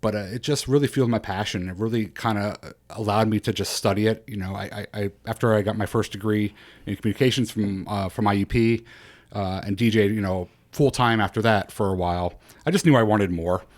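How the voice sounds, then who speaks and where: A middle-aged man as a podcast guest, telling his life story in an animated way with many fillers and restarts. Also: fairly low pitch, a little fast. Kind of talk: casual interview storytelling.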